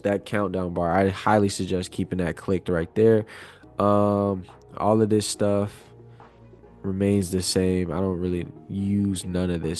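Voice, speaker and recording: A man hosting a casual screen-share tutorial, talking in a relaxed, rambling way with many fillers. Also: lowish voice. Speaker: trading tutorial host. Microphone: wireless clip-on mic.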